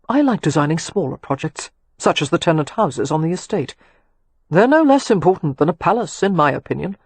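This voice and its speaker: Woman narrator doing a wry young gentleman, teasing, confident, dry close sound. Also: fairly high pitch, very animated, fairly quick, husky, no echo, heavily acted. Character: wry, self-assured young gentleman architect.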